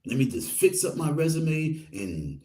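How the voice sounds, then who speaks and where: A man's voice: a little high, sing-song, unhurried, warm tone. A man from Queens, rambling through a story in street slang and reading viewer comments to his audience. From Queens, New York. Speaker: vlogger.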